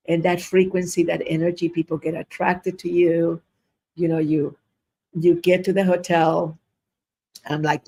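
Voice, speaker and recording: An older woman guest in an interview, telling personal stories in a lively, chatty way, acting out bits of dialogue and repeating words for effect. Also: on the low side, normal speed, slightly rough. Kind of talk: casual storytelling interview.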